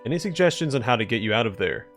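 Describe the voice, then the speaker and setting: A man reading a game's narration and his own choices aloud for a let's play. His mid-pitched voice is lively, moving up and down, with a plain, relaxed delivery. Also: racing, faint music behind. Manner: plain, relaxed reading, declines doing accents.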